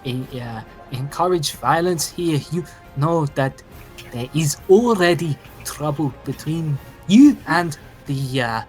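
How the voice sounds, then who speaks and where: A man's voice: a little high, expressive, slow pace, soft background music. A man voicing a nervous, frantic male tavern keeper who stammers and hesitates.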